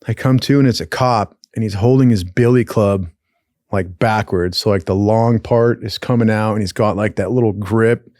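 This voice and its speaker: A man's voice: fairly low pitch, moderate pace, dry recording, studio quality. A young man telling a rowdy story in casual, profane talk, acting out what other people said. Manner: profane, animated, acts out other people's lines. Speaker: podcast host.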